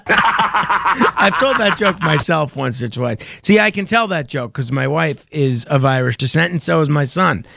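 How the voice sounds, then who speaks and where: Male radio host, gravelly, dry close mic, chatty joke-teller. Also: a little high, animated, unhurried, sharp tone, no echo. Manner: chatty storyteller, chuckles at callers' jokes. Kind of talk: late-night call-in radio, telling jokes.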